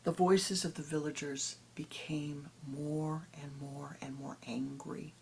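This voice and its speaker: Woman spiritual teacher, storytelling in a meditation talk, dramatic, hushed, low gravelly voice. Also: a little hiss or hum.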